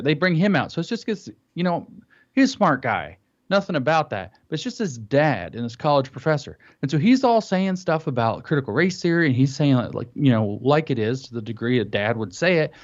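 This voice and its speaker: A man telling an animated story in casual chat, acting out what others said. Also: mid-range voice, fairly quick. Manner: animated storytelling, acts out quotes. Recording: dull lo-fi audio.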